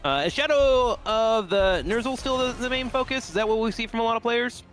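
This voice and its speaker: A man co-casting a video game match, excitable and teasing, laughing often. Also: extremely high pitch, brisk, soft background music. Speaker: esports co-caster. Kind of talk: esports commentary.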